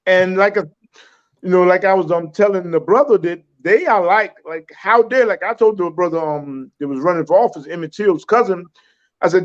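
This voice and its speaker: Man, high voice, rambling and halting, muffled lo-fi sound. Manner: rambling, many fillers and restarts, laughs often. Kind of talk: casual podcast talk.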